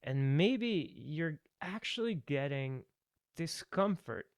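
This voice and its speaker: Guy teaching voice stuff, kinda ranty and emphatic, smooth clear tone, dry sound. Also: on the high side, lively intonation, takes it slowly, no room sound. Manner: opinionated, ranting, emphatic. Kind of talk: tutorial with rants.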